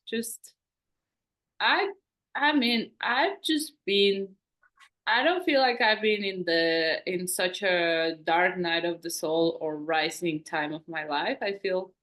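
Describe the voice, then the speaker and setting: A woman's voice: mid-range voice, a bit bright. A woman co-hosting a podcast, talking in a reflective, rambling way with many fillers. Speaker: podcast co-host. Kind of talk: casual conversational podcast chat.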